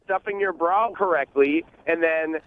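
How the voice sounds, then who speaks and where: A man's voice: a little high, normal speed, background noise. A man calling in to a radio show, defensive and stammering. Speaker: radio caller. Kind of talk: phone call on radio. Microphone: telephone. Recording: dull lo-fi phone audio.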